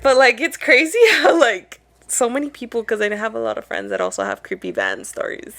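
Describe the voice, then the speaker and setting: A young woman co-hosting a podcast, telling a story in a relaxed, casual way with mild swearing and unfinished sentences. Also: fairly high pitch, fairly quick. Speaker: podcast co-host.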